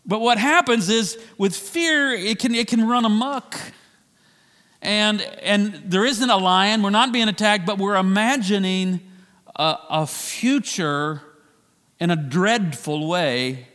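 A man's voice: high-pitched, slow, a bit bright, big-room sound. A man preaching a sermon, talking conversationally with frequent restarts and repeated phrases. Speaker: pastor.

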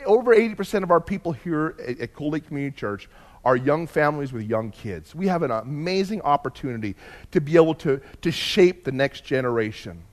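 A pastor delivering a sermon in church, his voice sitting a touch higher than most men's. He tells his stories with animation, dropping to near-hushed lines and then climbing into loud, emphatic bursts. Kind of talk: sermon with personal storytelling.

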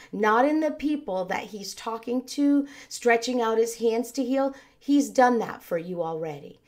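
A woman pastor preaching a sermon, reading scripture and acting out the voices of the people in it. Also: a little high. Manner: expressive preaching, acts out voices of scripture figures.

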